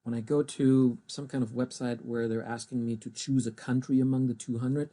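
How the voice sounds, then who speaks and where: Male language teacher, very dark husky voice, slow careful pronunciation of German words. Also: mid-range voice, little pitch movement. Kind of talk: recorded language lesson.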